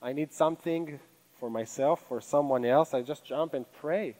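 A man's voice: fairly high pitch, normal speed, warm tone, rough recording. Earnest accented man preaching a sermon. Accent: non-native English accent. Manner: earnest, conversational preaching with rhetorical questions. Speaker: pastor. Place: church stage.

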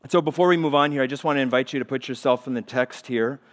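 A man preaching a sermon to his congregation, talking plainly and then building through repeated phrases to loud, emphatic peaks. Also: medium pitch, fairly even intonation, fast. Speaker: pastor. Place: church sanctuary.

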